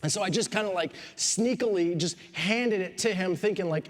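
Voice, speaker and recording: A man's voice: high voice, moderate pace, big-room sound. A pastor in his thirties from Quebec, preaching a sermon with joking asides. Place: church.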